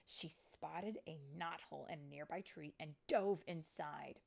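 A mother reading a picture book aloud to her child, slow and expressive, often sinking to a whisper. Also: deep voice, creaky.

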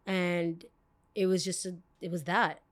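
A woman hosting a podcast, telling a story in a rambling, expressive way and swearing casually. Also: lowish voice, a little slow. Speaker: podcast host.

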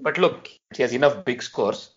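A man hosting a casual podcast chat who picks through team selections in a measured, analytical way and keeps asking "right?". His voice sits in a medium register. The audio is dull and lo-fi. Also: mid-range voice, lively intonation. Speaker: podcast host. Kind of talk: casual cricket discussion.

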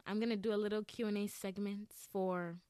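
A woman's voice: medium pitch, fairly even intonation, mellow, no echo, studio quality. Chatty young woman hosting a podcast. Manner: chatty, fast storytelling with many fillers. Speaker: podcast host. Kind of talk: casual chat.

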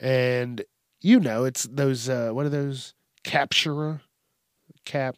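A male podcast host riffs on news stories in a loose, profane, rambling way. He talks slowly, at a middle pitch. His voice sounds dry and close, with no room around it. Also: steady tone, dry recording. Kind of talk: casual news commentary.

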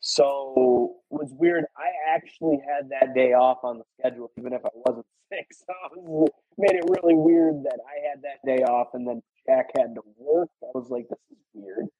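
A man's voice: medium pitch, moderate pace, hardly any pauses, husky, no room sound, narrow, tinny audio. A man co-hosting a podcast, talking in a laid-back, casual way. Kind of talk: casual chat.

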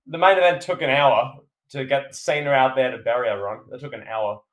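A man's voice: medium pitch, steady tone, fairly quick, fairly bright tone, echoey room. A man co-hosting a wrestling podcast and teasing his co-host in jokey banter. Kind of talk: casual wrestling podcast chat.

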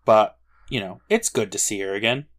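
A man's voice: lowish voice, expressive, fairly quick, a bit bright. A man co-hosting a podcast, chiming in with short, dry, teasing remarks. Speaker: podcast co-host. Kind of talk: casual chat.

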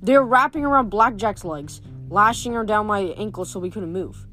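A woman's voice: medium pitch, normal speed, a bit bright, soft background music. A woman reading a novel aloud in a plain read-aloud manner, stumbling now and then. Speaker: reader.

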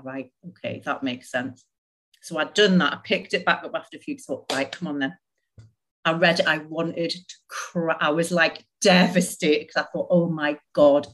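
A woman, an author talking casually as a podcast guest and laughing often. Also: lowish voice. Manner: chatty, warm, laughs often. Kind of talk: casual interview conversation.

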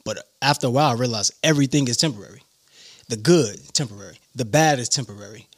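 A man from New York with a New York accent, a guest telling his life story in an animated way. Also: mid-range voice, quick pace. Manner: animated storyteller, acts out quotes. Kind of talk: casual interview storytelling.

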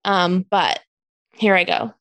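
A woman's voice: fairly low pitch, fairly even intonation, takes it slowly, a bit bright, no echo. A woman co-hosting a podcast in casual chat, laughing often and acting out what others said. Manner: laughs often, acts out quotes. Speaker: podcast co-host.

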